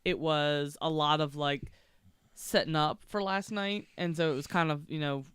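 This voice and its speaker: Sleepy, smooth-voiced woman chatting casually. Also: low-pitched, steady tone, moderate pace, no room sound. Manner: chatty, laughs often, trails off in restarts. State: sleepy, yawning. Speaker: co-host. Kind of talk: casual chat. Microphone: streaming mic at a table.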